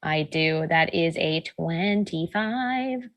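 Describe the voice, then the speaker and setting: A woman playing a tabletop game in character, deliberate and sassy. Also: low-pitched, lively intonation. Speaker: player.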